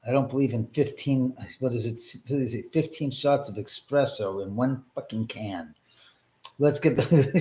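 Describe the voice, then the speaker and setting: A man's voice: mid-range voice, normal speed, warm tone. A man hosting a livestream from his home, wired on caffeine, rambling and swearing giddily. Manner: rambling, profane, giddy. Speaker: livestream host. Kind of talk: casual livestream chat. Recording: echoey room.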